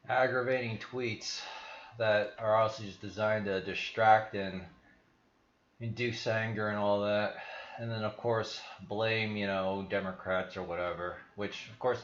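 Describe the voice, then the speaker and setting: A man's voice: lowish voice, echoey room, muffled recording. A man chatting casually on a stream about markets, slightly out of breath, wandering from thought to thought with lots of restarts. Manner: meandering, many restarts, thinks aloud. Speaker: crypto and stock market streamer. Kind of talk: casual rambling livestream talk.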